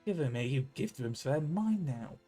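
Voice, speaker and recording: A man's voice: medium pitch, expressive, moderate pace, warm tone, soft background music, lightly acted. A man voicing a cheeky, impatient little village girl, reading game dialogue aloud. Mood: teasing.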